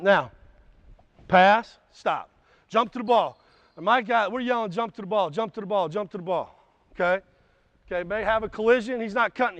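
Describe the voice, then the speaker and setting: A man's voice: sits high, no room sound. A man coaching a basketball clinic, blunt and a bit profane, explaining drills and barking short commands at players in a gym. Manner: barks short commands, shouts during drills. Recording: dull, slightly lo-fi sound.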